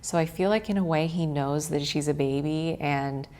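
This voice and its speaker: A woman vlogger narrating a voice-over in a gentle, relaxed way. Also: deep voice, normal speed.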